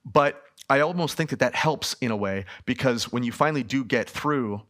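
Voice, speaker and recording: A man in his thirties, a film director answering questions at a festival talk, telling lively stories and acting out the people in them. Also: medium pitch, moderate pace. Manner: animated storytelling, frequent laughs, acts out quoted people.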